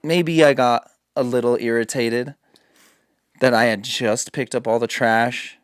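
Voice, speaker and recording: A man's voice: medium pitch, measured pace, clean tone, no room sound. A man spins a casual podcast story, cursing freely and acting out every line of dialogue. His voice is close and dry, with no room around it. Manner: animated, swearing, acts out quotes. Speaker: podcast host.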